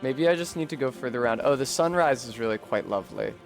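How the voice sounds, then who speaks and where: A man with a New England accent streaming a game, joking sarcastically, swearing and sometimes shouting in frustration. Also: mid-range voice, animated, fast talker, soft background music. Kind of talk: casual gameplay commentary.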